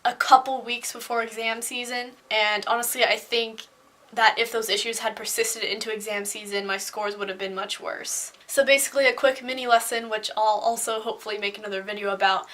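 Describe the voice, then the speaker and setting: Chatty young woman with a bright voice. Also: a little high, fairly even intonation, fairly quick. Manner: chatty, candid, many fillers like "like" and "um". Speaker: vlogger. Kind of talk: casual talking-head vlog.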